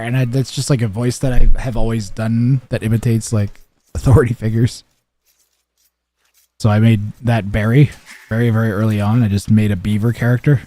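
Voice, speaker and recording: A man's voice: fairly low pitch, steady tone, fairly quick, warm tone. A young man streaming a strategy game, chatting casually with viewers and commentating, rambling with lots of fillers and restarts.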